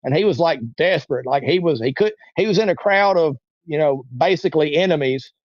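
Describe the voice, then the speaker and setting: A man in his forties tells a long story in a loose, rambling way, with a voice a little higher than most men's. The sound is muffled and a bit lo-fi, and it is very dry with no room around it. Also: fairly quick, dry recording. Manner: rambling, acts out quoted voices. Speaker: interview guest. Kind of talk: casual storytelling.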